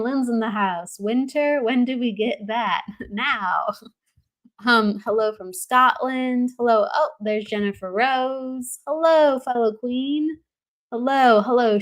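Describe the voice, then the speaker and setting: A woman hosting a spiritual live stream, greeting viewers by name in a bubbly way and laughing often. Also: a little high. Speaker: host.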